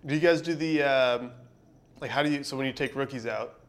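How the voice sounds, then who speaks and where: A young male host keeps the chat light, tossing out playful quips and loose, rambling questions. His voice is an ordinary middle pitch. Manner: playful, quick quips, teasing back. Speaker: host, pro baseball pitcher. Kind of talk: casual interview chat.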